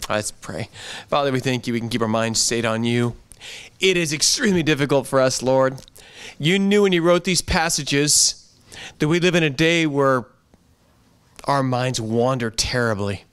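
A man's voice: mid-range voice, moderate pace, fairly bright tone, smooth. A pastor giving an earnest, conversational sermon in a church, often repeating his phrases.

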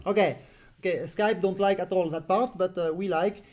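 A man's voice: sits high, fairly even intonation, normal speed, loud music behind the voice. A man teaching accordion in a remote lesson, correcting a student and singing rhythms on syllables, in non-native English. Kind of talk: remote music lesson coaching.

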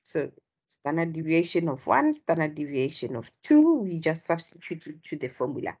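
A woman with a husky voice tutoring statistics online. She explains each step and prompts her students to speak up. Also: sits low, very animated, moderate pace, darkish tone.

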